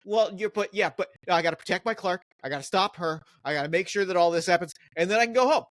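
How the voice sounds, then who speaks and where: A man voicing an anxious, fussy male time traveler who talks fast and keeps reassuring himself. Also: high-pitched, fairly bright tone, no echo, pitched above the performer's own voice. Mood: frantic.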